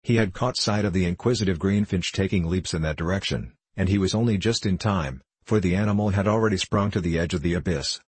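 Deep husky male storyteller. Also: no echo. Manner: steady, measured storytelling. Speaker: audiobook reader. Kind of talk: scripted narration of a children's classic.

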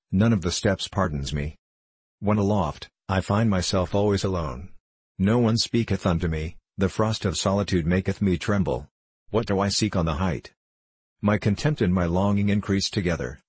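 A man voicing an anguished young man, restless and ashamed, in old-fashioned storybook speech. The voice is low and husky. It sounds close and dry. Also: no echo.

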